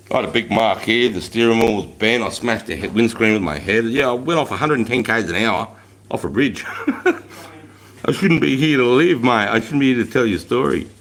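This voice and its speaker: A man's voice: lowish voice, a bit bright. An Australian man in his forties hosting a casual livestream, telling blunt, profane stories and chatting with viewers. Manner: blunt, swearing, slangy storyteller. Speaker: livestream host. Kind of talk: casual livestream chat, reading comments.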